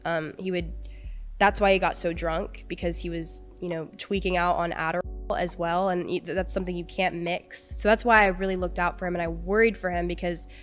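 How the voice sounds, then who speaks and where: Speaking as a podcast guest, a young woman tells her own story emotionally, rambling and dropping "like" everywhere. She has a lowish, steady voice and talks a little fast, with soft music underneath.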